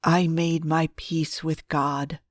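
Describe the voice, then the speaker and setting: A woman reading a hoarse, remorseful husband. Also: on the high side, level tone, slow pace, no echo, clean studio sound. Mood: remorseful, tender.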